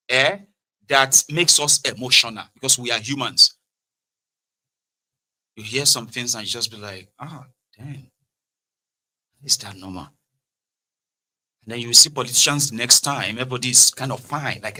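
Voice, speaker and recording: A middle-aged man with a Nigerian Yoruba accent, hosting a political commentary monologue in an animated way, slipping into Pidgin and Yoruba and acting out quoted exchanges. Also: on the high side. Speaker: commentary show host.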